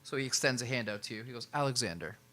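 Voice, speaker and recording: A man's voice: medium pitch, fairly even intonation, rapid-fire, sharp tone. A tired man narrating a tabletop role-playing game as game master, laughing often and correcting his own slips.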